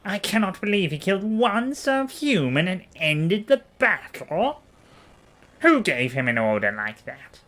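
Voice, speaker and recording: A man's voice: lowish voice, sharp tone, heavily acted. A man doing a posh, sneering noble lord. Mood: scornful. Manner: posh, sneering, drawn-out speech. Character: haughty pompous noble senator, male, scheming.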